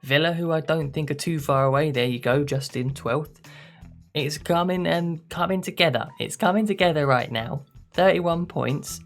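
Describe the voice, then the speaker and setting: A man giving casual, excitable play-by-play commentary over his own football video game match, quick to blame himself when things go wrong. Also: on the high side, creaky, soft background music. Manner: excitable play-by-play, self-critical outbursts. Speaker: gaming YouTuber. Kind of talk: live commentary over gameplay.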